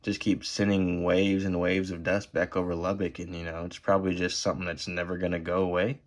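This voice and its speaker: A man vlogging indoors at a computer, talking loosely with many fillers and clearing an irritated throat. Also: sits low, flat delivery, brisk. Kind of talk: casual vlog while browsing the web.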